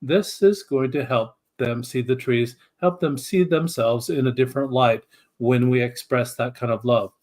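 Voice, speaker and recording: A man being interviewed as a podcast guest, answering in a calm, explanatory way. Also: medium pitch, normal speed.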